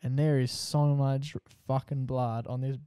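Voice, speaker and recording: A young man co-hosting a podcast, telling a story in casual chat, animated and laughing often as he acts out what people said. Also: mid-range voice, a little slow, clean tone, no room sound, studio quality. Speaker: podcast co-host.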